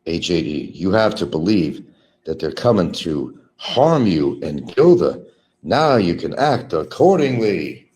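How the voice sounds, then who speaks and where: Bitter ranting man, wildly swinging pitch. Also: sing-song, a little slow. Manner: bitter, repetitive, mocking, swings from mutters to loud outbursts. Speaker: livestream host. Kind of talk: rambling livestream rant.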